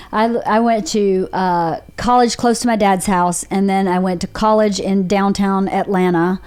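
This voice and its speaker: A woman's voice: medium pitch, a little mellow, clean tone. A woman from Georgia with a Southern accent, hosting a podcast and telling her own story in a candid, rambling way, with restarts. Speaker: podcast host. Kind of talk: casual chat.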